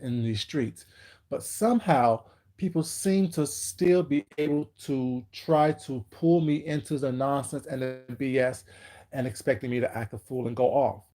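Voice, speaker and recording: Livestream host, male, relaxed dark tone, slow emphatic call-outs between chat shout-outs. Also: mid-range voice. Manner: greets viewers by name, calls them baby.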